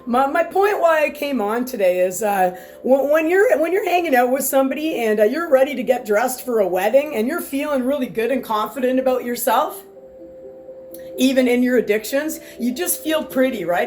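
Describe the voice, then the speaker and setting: A woman's voice: sits high, expressive, moderate pace, a little mellow, faint music behind. A woman vlogging from home in a casual, heated rant, rambling and swearing with lots of restarts, filmed by a camera set far back in the room. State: sore back.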